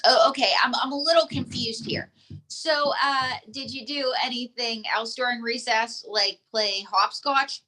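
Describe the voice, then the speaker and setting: A woman's voice: on the high side, normal speed, pushed and bright. A woman doing a stand-up ventriloquism act at a live comedy show, chatty with lots of "um" and "okay".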